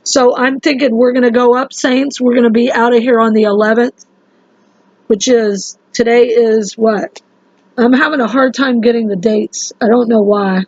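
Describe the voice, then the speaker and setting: Woman vlogger, rambling and urgent, higher voice, dry lo-fi phone sound. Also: fairly even intonation, moderate pace, darkish tone, no room sound. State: sleep-deprived. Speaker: religious vlogger. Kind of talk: casual monologue to camera.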